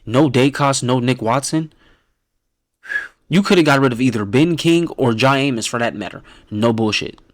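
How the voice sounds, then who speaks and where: A man hosting a live reaction stream, loud and blunt, who swears freely and often laughs. When he reads out names his voice drops to a low mumble, and then he bursts out with his verdict again. His voice sounds close and dry, with no room echo at all. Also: moderate pace. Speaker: host reacting to viewers' fan-picked football teams.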